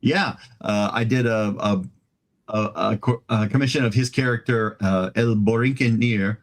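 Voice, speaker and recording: A middle-aged man chatting casually on a live stream, halting with frequent restarts, speaking into a desk-mounted USB microphone. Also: fairly low pitch.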